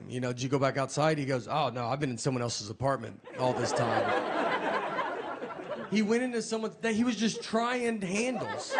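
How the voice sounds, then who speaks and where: A man doing a stand-up comedy set on a stage, telling stories in a dry, deadpan way over audience laughter. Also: a little high. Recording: live audience noise behind.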